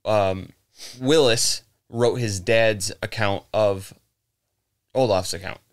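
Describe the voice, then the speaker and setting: Slow and low-ish, an American man's voice carries a rambling retelling of a legend on the podcast he co-hosts. It's casual chat and storytelling, sprinkled with swearing and laughs.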